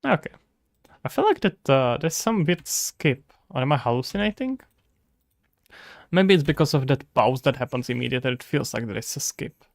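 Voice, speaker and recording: Czech-accented male game-dev streamer: casual, jokey, talks through his work, a bit of fry in the voice, dry sound. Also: medium pitch, expressive, normal speed, no room sound. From Czech Republic. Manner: chatty, joking, thinking aloud. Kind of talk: casual livestream chat.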